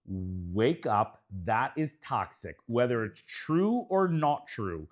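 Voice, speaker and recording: A man's voice: medium pitch, sing-song, measured pace, hardly any pauses. A man co-hosting a casual podcast, blunt and emphatic, swearing freely. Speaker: podcast co-host, dentist.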